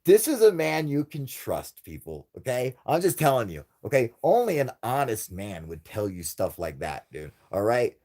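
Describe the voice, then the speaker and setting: A young man talks straight to his viewers in a loose, profane rant, mocking and laughing as he goes. His pitch swings widely from low mutters to sudden high outbursts. It sounds like an unscripted live stream. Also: sing-song, moderate pace, few pauses, a little mellow. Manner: profane, mocking, laughs often, does exaggerated voices when quoting. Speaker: UFO channel host.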